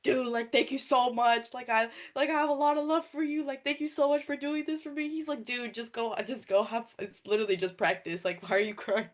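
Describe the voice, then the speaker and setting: A young woman, a former college wrestler turned coach, telling stories in casual conversation with lots of "like" and acted-out quotes. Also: a little high. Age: young adult. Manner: fast, filler-heavy, animated storytelling with quoted dialogue.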